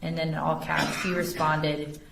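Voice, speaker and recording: A woman with a deep, low voice gives courtroom testimony, reading messages aloud in a steady, factual manner. She is picked up from a distance, and the courtroom around her echoes with faint background hum. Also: creaky. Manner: reads text messages aloud in a measured, factual way. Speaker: investigator testifying as a witness. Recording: roomy courtroom audio from a distance.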